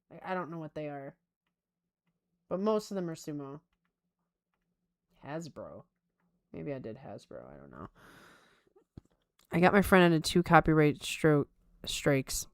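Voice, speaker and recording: Smooth casual woman podcast host. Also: low voice, big pitch swings, unhurried, pauses often, no room sound, studio quality. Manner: rambling, self-mocking, playful Valley Girl lilt. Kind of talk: casual chat.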